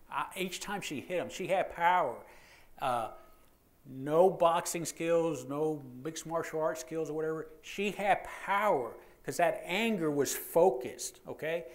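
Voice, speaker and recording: Male police trainer, 50s, slightly high pitch; lively anecdotal lecturer, repeats himself. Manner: lively, joking storyteller who repeats words and checks in with "okay?". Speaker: police officer training civilians.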